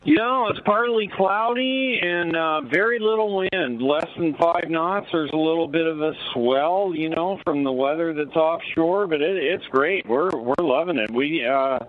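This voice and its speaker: A man, a boat captain, calling in to a radio show with a relaxed, plain-spoken report. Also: fairly high pitch, unhurried, few pauses. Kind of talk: live report by phone. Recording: tinny phone line with faint noise.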